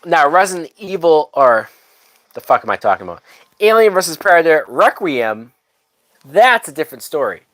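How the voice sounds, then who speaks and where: Slightly high and very animated, this man speaks at a moderate pace with a fairly bright tone. He's drunk and hosting a livestream, rambling profanely through casual film commentary and drifting off mid-thought.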